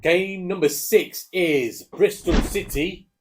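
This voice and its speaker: Relaxed English dad chatting football. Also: male voice, high-pitched, slow, background noise. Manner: relaxed, hesitant with fillers, chuckling. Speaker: co-host giving match predictions. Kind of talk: casual chat.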